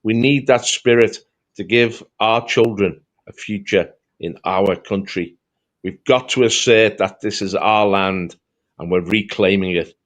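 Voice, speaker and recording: A man's voice: on the low side, a little slow. A man making an emphatic, rallying political address as a party speaker.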